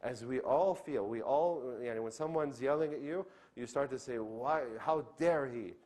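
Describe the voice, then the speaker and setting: A man's voice: mid-range voice, normal speed. A man giving a religious lecture to an audience, often checking in with "okay?" and acting out the lines of the people he describes. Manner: animated, acts out quoted speech. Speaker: Islamic lecturer. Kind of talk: lecture on inviting others to Islam.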